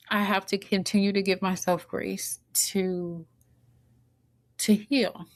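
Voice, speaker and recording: A middle-aged woman guest telling her personal story in an earnest, halting way, with many restarts and moments of being choked up with tears. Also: medium pitch, little pitch movement. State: tearful, choked up at times. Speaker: podcast guest.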